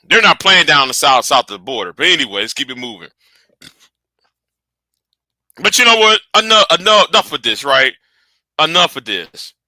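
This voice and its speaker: A man with a very bright, sharp voice talks in a lively, rambling way, often stumbling over restarts. His pitch swings widely as he reacts, then drops low to a mutter. The sound is dry and close to the mic. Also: moderate pace, long pauses, no echo. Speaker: commentary host. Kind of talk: casual commentary.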